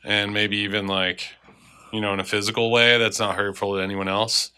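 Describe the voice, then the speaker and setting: Stuffed-up, bright-voiced podcast man. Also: on the low side, flat delivery, moderate pace, clear, resonant tone. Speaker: podcast co-host. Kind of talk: casual podcast chat.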